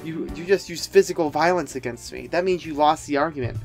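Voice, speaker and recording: A man doing a self-righteous college girl arguing with her mom, whiny and sarcastic, pitched a touch higher than usual. He keeps it close to his own voice, barely disguised. Everything comes out mocking. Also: a little fast, music in the background, natural voice. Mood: smug whining.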